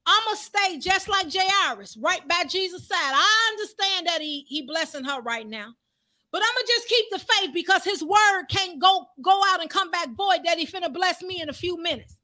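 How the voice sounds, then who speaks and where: A woman's voice: very high-pitched, lively intonation, moderate pace, bright, forceful tone. A woman preaching a live-streamed sermon in a fervent, repetitive, conversational way.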